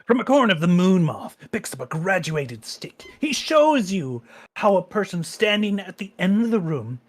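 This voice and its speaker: A man's voice: sits high, moderate pace. A man streaming a game with friends, chatting casually and reading game text aloud, laughing easily. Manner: laughs easily, animated and playful.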